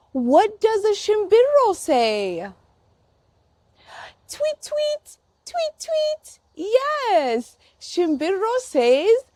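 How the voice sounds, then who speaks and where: A woman with an Oromo accent teaching toddlers in a slow, exaggerated, playful sing-song way, imitating bird calls. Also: high-pitched, darkish tone, no echo. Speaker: children's language teacher.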